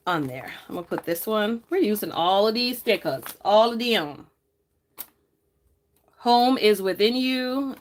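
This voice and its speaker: A chatty woman talks to her live chat while she plans. She teases viewers and laughs easily, and her pitch swings up and down. Her voice sits in an ordinary middle range. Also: fairly bright tone. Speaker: planner vlogger reading live chat.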